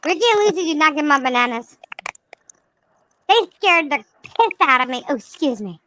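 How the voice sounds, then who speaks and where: A cheeky young male rainbow lemur, as a woman puts him on, squeaks through his tale in a very high, bright, crude voice. He rambles, swears and chatters. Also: expressive, normal speed, a little hiss or hum, rough recording. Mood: rambling tale. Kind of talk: comic character monologue.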